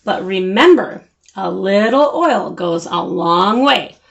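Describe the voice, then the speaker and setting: An older woman voicing a calm, patient father in a picture book read aloud. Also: medium pitch, slow, gravelly. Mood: advising.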